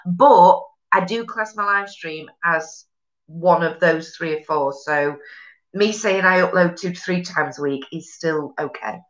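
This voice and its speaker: Chatty low-voiced Yorkshire woman. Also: measured pace, dull audio. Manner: chatty, rambling, blunt, sweary with broad northern slang. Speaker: live stream host reading viewer comments. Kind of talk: casual chat.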